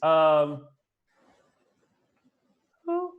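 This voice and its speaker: A man's voice: fairly high pitch, huge pitch swings, very slow, phone-quality sound, a crowd in the background. Playful male soap recap co-host. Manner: playful, hands out segment awards. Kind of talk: casual recap chat.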